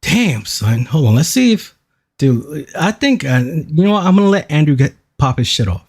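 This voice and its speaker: An excitable man reacting to a clip on a live stream. His voice sits a little high and swings widely up and down as he hypes it up. He talks profanely and eggs the clip on. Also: normal speed, breathy edge.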